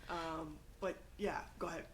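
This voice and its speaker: A woman's voice: sits low, fairly even intonation, moderate pace, a crowd in the background. A woman hosting a coaching podcast, chatting casually and acting out her inner voices and remembered quotes. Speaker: podcast host, leadership coach.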